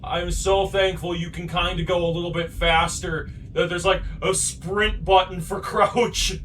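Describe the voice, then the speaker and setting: A man hosting a game playthrough, muttering to himself and then shouting and swearing in frustration, teasing himself as he plays. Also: sits high, a little slow, far from the mic, faint music behind. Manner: excitable, swings from muttering to shouting; self-deprecating, swears. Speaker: gaming channel host. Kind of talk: let's play commentary.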